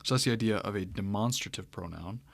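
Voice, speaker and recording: Male lecturer: low and gravelly, relaxed and musing, dry close recording. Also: fast talker, no echo. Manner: relaxed, thinking aloud with fillers and restarts. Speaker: Greek teacher.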